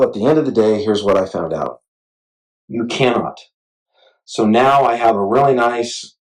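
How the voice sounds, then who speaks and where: A middle-aged man casually vlogging about camera gear, chatty and self-deprecating, retelling his excitement, on a clip-on mic. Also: on the low side, poor audio. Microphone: wireless clip-on mic.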